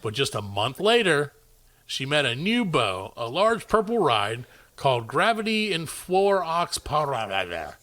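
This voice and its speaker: A man's voice: on the high side, very animated, measured pace, fairly bright tone. A man hosting a comedy podcast, rambling through stories and reading odd news aloud with frequent laughs. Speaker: podcast host. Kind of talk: casual comedy chat.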